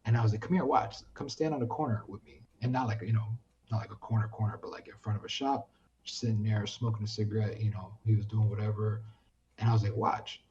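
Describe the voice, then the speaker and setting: A man from the United States, a podcast guest chatting casually, who tells animated stories and acts out what people said. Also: lowish voice, quick pace, lo-fi sound, a little hiss or hum. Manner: animated storyteller, acts out quoted speech. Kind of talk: casual chat.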